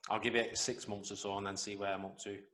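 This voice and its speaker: A young man with a northern English accent, co-hosting a casual podcast chat in an earnest, animated way with casual swearing. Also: on the low side, quick pace. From northwest England, near Wigan. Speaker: podcast co-host.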